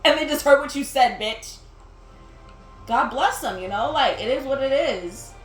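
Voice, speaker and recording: A young woman hosting a gaming video chats as she plays, rambling, laughing, and saying "like" constantly. Her voice is high and a little slow. The sound is roomy, with game music in the background.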